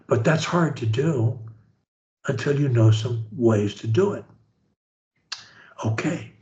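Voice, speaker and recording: A man leading a speech therapy session, modeling phrases slowly and emphatically. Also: darkish tone, roomy sound, dull audio. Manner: emphatic, slow modeling of phrases, swoops up and down in pitch.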